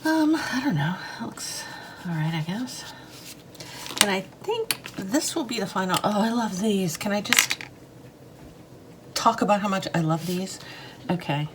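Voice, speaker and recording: A woman's voice: mid-range voice, expressive, a little slow, long pauses, fairly bright tone, slight background noise. A woman vlogging about art supplies while she draws, chatting casually in a rambling, hesitant, self-deprecating way. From United States. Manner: talks while drawing and coloring. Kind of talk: casual chat while drawing.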